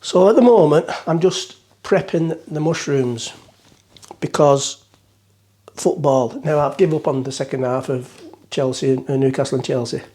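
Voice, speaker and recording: A cooking vlogger rambles through a casual vlog in his home kitchen, joking, chatting and talking to himself as he cooks. His voice is on the high side and warm with a breathy edge, at a normal speed.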